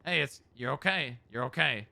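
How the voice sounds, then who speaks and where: A man streaming in-character role-play, coaxing and reassuring as he talks gently to a dog and a hurt friend. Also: medium pitch, moderate pace, gravelly.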